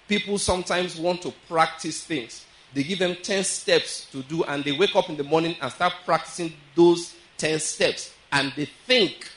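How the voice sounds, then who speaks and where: A man's voice: a little high, a bit bright, poor audio. A man preaching a sermon, earnest and repetitive, often checking that his listeners follow. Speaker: pastor.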